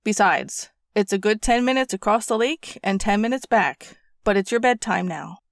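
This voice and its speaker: Brief: woman narrator voicing a terse, stern father losing patience, voice pitched a bit lower, dry close sound. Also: moderate pace, dry recording, lightly acted. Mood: impatient. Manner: stern, snapping. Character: impatient young father.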